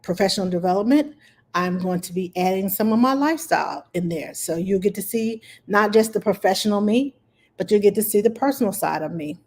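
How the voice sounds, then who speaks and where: A middle-aged nanny hosting a casual live stream, her voice pitched in the ordinary middle range for a woman. She chats with viewers, greets them by name, and walks through her advice one step at a time. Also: animated, brisk, darkish tone. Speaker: nanny giving parenting advice.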